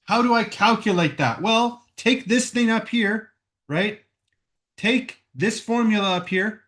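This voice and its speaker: A man with a somewhat high voice walks through a math problem in a recorded lesson. He talks each step out loud and often checks in with "right?". He is recording at home on a computer microphone. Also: a little slow. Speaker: math teacher.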